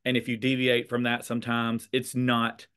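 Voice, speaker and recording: A man with a clear Southern American accent, talking in a relaxed, expressive way, with a touch of sass in his delivery. He sounds like a teacher chatting over a video call, mid-pitched for a man. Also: moderate pace. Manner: expressive, a bit sassy, warm storytelling. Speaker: teacher and conversation host. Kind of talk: casual video chat.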